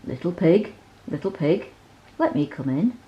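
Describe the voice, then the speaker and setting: A woman's voice: fairly low pitch, animated, a little slow, highs cut off. Woman voicing a big bad blustering wolf. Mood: wheedling. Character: big bad male wolf, greedy and bullying.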